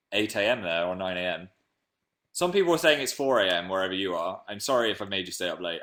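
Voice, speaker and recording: A man's voice: low voice, sharp tone. Chatty young man live-streaming. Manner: chatty, playful, reads out viewer comments. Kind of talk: casual live-stream chat.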